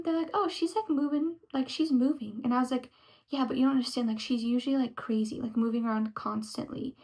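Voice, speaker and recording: A woman's voice: fairly high pitch, rough recording. A young woman talking casually to her viewers in a pregnancy update vlog, full of "like" fillers and acting out quoted lines. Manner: chatty, frequent "like" fillers, acts out quotes. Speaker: vlogger. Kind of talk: casual chat.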